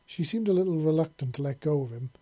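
Male audiobook narrator, slightly high, dark and husky, steady earnest delivery. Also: fast talker. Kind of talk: story narration.

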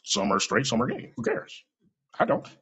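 A man's voice: mid-range voice, huge pitch swings, brisk, pushed and bright, breathy edge. A man hosting a podcast, giving a blunt, rambling opinion monologue with profanity and acted-out quoted asides. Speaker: podcast host. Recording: lo-fi podcast recording.

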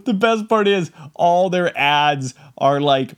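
A man in a casual comedic monologue, his voice sitting a little high as he rambles at an unhurried pace. He laughs often and slips into mock-outraged asides. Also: lively intonation, clear, resonant tone.

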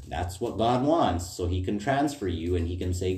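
A man's voice: sits low, moderate pace, few pauses, dark tone, reverberant, slight background noise. A man giving a rambling, earnest informal sermon, then reading scripture aloud. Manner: rambling, earnest, fillers and tag questions. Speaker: preacher.

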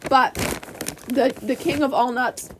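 A young woman co-hosting a casual podcast, giggly and animated, recorded on a phone voice memo. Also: high voice, measured pace. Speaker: podcast co-host. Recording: phone voice memo with background noise.

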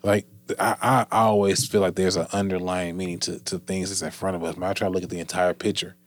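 A man in casual podcast chat, animated and profane, repeating himself. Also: deep voice, fast.

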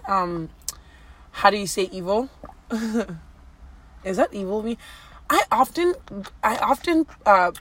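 A woman's voice: on the low side, fairly bright tone. A woman co-hosting a casual podcast with her partner, chatty and teasing, rambling with lots of "like.". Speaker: podcast co-host. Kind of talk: casual couple chat.

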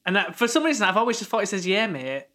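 A man's voice: sits high, big pitch swings, fast, bright, forceful tone. A man, co-hosting a casual music podcast, chatty and rambling, laughing often. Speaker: podcast co-host. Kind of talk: casual chat.

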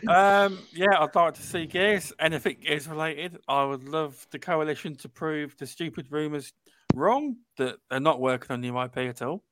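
A man's voice: on the high side, normal speed, background noise. A man hosting a casual gaming podcast, giving plain-spoken, rambling opinions. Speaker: podcast host. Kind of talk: casual panel chat.

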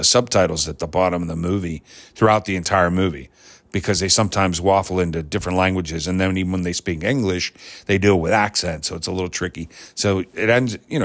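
Rambling low-voiced man musing aloud. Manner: rambling, hesitant, with many fillers and restarts; reflective, grows more animated on points. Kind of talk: casual monologue.

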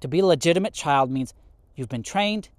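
A man giving a casual podcast sermon on scripture, animated and laughing often as he acts out quotes. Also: fairly high pitch, a little fast, no room sound. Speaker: podcast Bible teacher.

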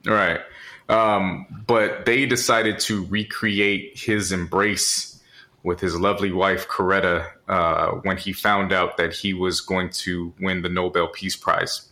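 A man co-hosting a casual comedy podcast, talking in an unhurried way with pauses and hesitations. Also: deep voice, flat delivery, pushed and bright. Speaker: podcast co-host.

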